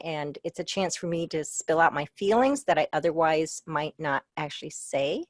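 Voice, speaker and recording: Low-voiced middle-aged woman presenting a webinar. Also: normal speed, few pauses, no room sound. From Iowa. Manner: conversational and personal, with frequent "um" and light humor. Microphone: video call.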